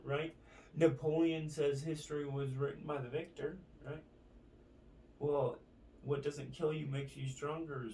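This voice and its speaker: A man's voice: on the high side, vocal fry, darkish tone, slight background noise. A man vlogging in a profane, rambling monologue, tagging his lines with "right?". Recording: roomy, distant from the mic.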